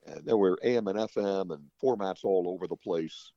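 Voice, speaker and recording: A man who works as a radio newsman, a guest in a casual interview, telling anecdotes in an expressive way. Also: low-pitched, fairly quick, no room sound, muffled recording.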